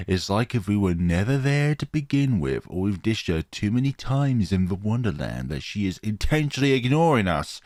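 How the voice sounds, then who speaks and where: A man's voice: lowish voice, very animated, moderate pace, hardly any pauses, darkish tone, dry recording, clean studio sound. A man reading a horror visual novel aloud as a let's player, playful, often tripping over words and correcting himself.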